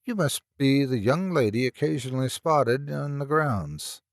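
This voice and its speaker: A man playing a calm, gentle professor. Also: medium pitch, a little slow, no room sound, studio quality, voice pushed up.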